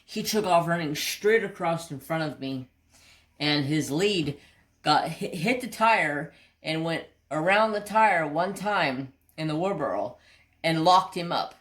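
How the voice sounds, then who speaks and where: A woman hosting a craft channel, telling a rambling, animated story with mild cursing. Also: deep voice, unhurried. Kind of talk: casual storytelling while crafting.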